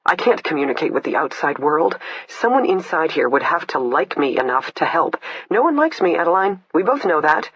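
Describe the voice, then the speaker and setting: A man reading the part of a blunt, swearing woman killer, the narrator's imprisoned older sister, in a husky voice. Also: a little high, very animated, normal speed, hardly any pauses, fairly bright tone, heavily acted. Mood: flat. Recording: dull lo-fi, dry.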